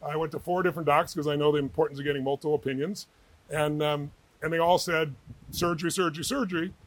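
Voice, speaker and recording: A man's voice: fairly high pitch, fairly even intonation, fast. A middle-aged man telling stories with energy and emphasis as an interview guest, acting out the people he quotes. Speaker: guest, author and speaker. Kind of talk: animated interview storytelling.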